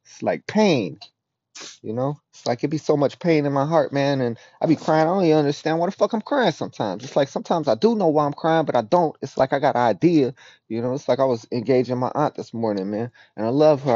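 A man giving a raw, rambling, profane confessional monologue as a podcast host, often dropping to a low murmur. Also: lively intonation, a little fast, warm tone, no room sound. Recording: dull dry lo-fi recording.

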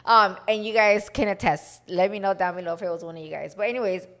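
A woman in her thirties co-hosts a podcast, telling a story in casual chat with animated flair, acting out other people's voices and slipping in Spanish phrases. Her voice is mid-range and quick.

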